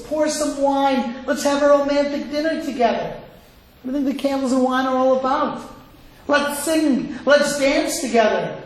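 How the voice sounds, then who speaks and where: A man's voice: very high voice, very echoey, rough recording. A man from Cleveland, Ohio, giving a sermon as a rabbi, telling stories and acting out the people in them. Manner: animated storytelling, acting out quoted voices.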